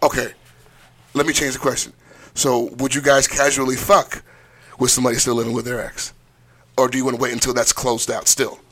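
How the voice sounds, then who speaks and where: A man's voice: medium pitch, little pitch movement, a little fast, pauses often, a bit bright. A man co-hosting a podcast in crude, laughing casual chat, teasing the others. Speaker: podcast co-host.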